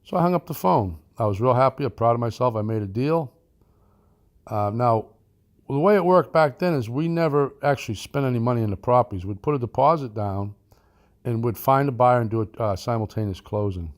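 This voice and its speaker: A man's voice: mid-range voice, expressive, a little fast. Rambling, folksy man telling a story. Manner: rambling, folksy, many fillers and asides. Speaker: land investing teacher. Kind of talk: anecdotal storytelling.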